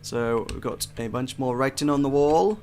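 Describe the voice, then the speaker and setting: A man's voice: mid-range voice, moderate pace, noisy background. A young man giving casual, chatty first impressions of a game, self-deprecating and often restarting his sentences. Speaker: game reviewer. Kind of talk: casual gameplay commentary.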